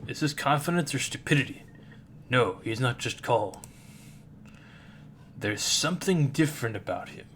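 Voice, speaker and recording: A man reading a comic aloud and doing all the characters' voices. His narration is lively and excitable, with a mid-range voice. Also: medium pitch, moderate pace, long pauses, slight background noise. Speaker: comic reader.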